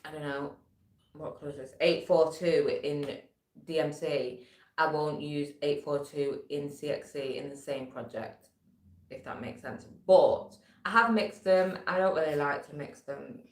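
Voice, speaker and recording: A woman's voice: low voice, unhurried, a little mellow. A woman hosting a casual live stream from home, chatting and reading out messages from the chat. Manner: chatty, reads chat messages aloud, trails off with fillers. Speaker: livestream host. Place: room at home. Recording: echoey room.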